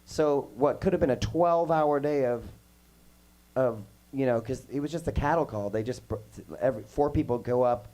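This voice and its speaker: A man's voice: mid-range voice, normal speed, warm tone, poor audio. Rambling man with a tired voice. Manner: rambling, goes off on tangents. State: voice under the weather. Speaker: guest musician at a workshop Q&A. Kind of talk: casual storytelling Q&A. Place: music school room with kids.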